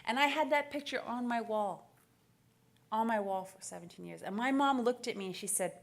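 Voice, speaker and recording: A woman in her thirties from Canada, giving an animated, story-driven keynote speech at a conference, laughing often and acting out the dialogue. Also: on the high side, normal speed, creaky. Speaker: keynote speaker. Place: conference stage.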